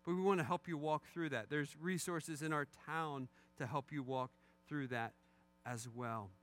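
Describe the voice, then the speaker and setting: A man's voice: a little high, steady tone, normal speed, fairly bright tone. A middle-aged man preaching as a pastor, conversational and candid, with wry asides about his own failings. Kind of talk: sermon.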